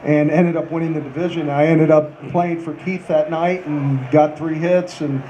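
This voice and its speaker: A man's voice: fairly high pitch, steady tone, normal speed, dark tone, dull audio, slight background noise. A man, a former ballplayer, recalling his debut in a plain, matter-of-fact way on a panel. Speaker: former player, panel guest. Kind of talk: recollection on a live panel.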